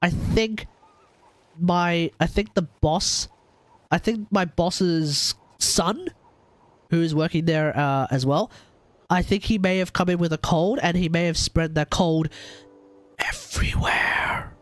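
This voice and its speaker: A man's voice: fairly high pitch, a little slow, no room sound. Nasal-sounding man with a cold. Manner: rambling, joking, repeats himself. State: blocked nose from a cold. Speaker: game streamer. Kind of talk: casual live-stream chat.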